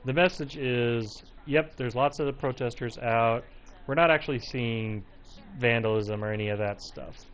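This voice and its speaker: A man's voice: mid-range voice, normal speed, low-quality recording. A man giving casual, rambling live commentary while streaming a game from home, now and then breaking off to talk to his cat. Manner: chatty, rambling, breaks off to coo at his pet. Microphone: personal mic close to him.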